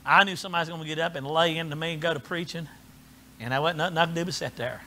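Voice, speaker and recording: A middle-aged preacher man with a high, bright voice. He talks in a folksy, down-home way, dropping to soft asides and then rising to shouted preaching. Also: very fast, slight background noise. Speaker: pastor. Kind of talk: sermon.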